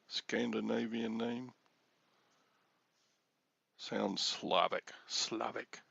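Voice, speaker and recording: A man's voice: lowish voice, steady tone, very slow, vocal fry, a bit bright, no echo, lo-fi sound. A man hosting a casual solo livestream, rambling and self-deprecating as he greets viewers by name. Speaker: livestream host.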